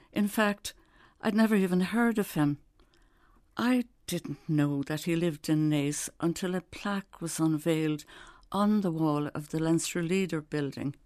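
A woman's voice: sits low, a little mellow, no room sound, clean studio sound. A woman reading a personal reflective piece in a curious, earnest way. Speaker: essayist.

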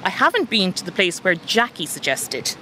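A woman with an Irish accent reporting on live radio, talking in an enthusiastic, animated way. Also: on the low side, moderate pace, noisy background.

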